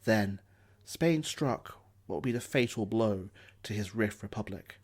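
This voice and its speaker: A man's voice: on the low side, lively intonation, unhurried, a little mellow. A man narrating a scripted history episode, dropping in wry, sardonic asides.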